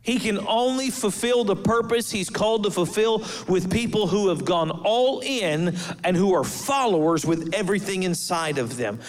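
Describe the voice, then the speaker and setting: A male pastor preaching a sermon to his church, with emphatic pauses and changes of pace. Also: high-pitched, lively intonation.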